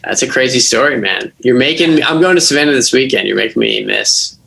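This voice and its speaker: A man's voice: mid-range voice, huge pitch swings, fast talker, gravelly, sharp tone. A young man co-hosting a podcast, chatting in a laid-back way and saying "dude" and "like" a lot. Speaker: podcast co-host. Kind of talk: casual chat.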